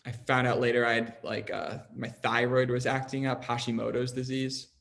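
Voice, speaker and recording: A man's voice: mid-range voice, flat delivery, moderate pace, vocal fry, a bit bright. A young adult man hosting a podcast, telling his own story in a casual, rambling way, with lots of "like" and an earnest tone. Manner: rambling, heavy use of "like", earnest.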